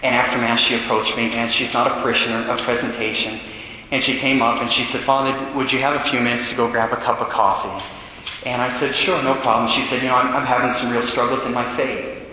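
A Catholic priest preaching a sermon, telling a story with earnest feeling and dropping to a hush for the quiet moments. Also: male voice, medium pitch, level tone, fast, a little hiss or hum. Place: church. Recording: echoey church hall.

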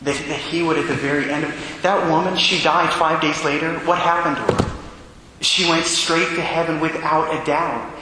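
A man who is a Catholic priest, telling a story in a sermon and acting out the dialogue with animated changes in his voice. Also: a little high, moderate pace, noisy background. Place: church. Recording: echoey church hall.

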